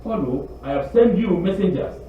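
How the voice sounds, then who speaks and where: A high-voiced man, a rabbi, preaches with sweeping, lively rises and falls, hammering points home by repeating them. His voice rings through a very reverberant room, picked up from a distance on a dull, lo-fi mic with a faint hiss behind. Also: normal speed. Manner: emphatic preaching with repeated phrases. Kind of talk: sermon.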